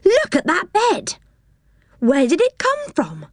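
A woman putting on a storybook boy who is impatient and full of exclamations. His lines sit high and jump about in pitch. The recording is close and dry. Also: huge pitch swings, takes it slowly, no echo, heavily acted. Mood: amazed.

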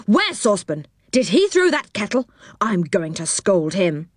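Storybook figure: a woman playing a bossy, furious man yelling threats, lively high pitch. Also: a little slow, no room sound, studio quality. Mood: angry. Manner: loud scolding, high-pitched yells. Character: angry bossy grown-up man, shouting threats.

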